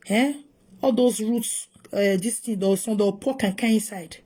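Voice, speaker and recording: A middle-aged woman from Nigeria, with a Nigerian Pidgin English accent, talks straight to her viewers. She is animated and moves between pleading and scolding. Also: fairly high pitch, a little slow, husky. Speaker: vlogger. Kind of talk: emotional casual monologue.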